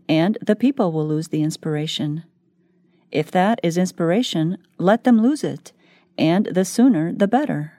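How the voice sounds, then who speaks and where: A woman reading a devotional book aloud in scripted narration, slow and measured. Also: lowish voice, warm tone, no echo, studio quality. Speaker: audiobook reader.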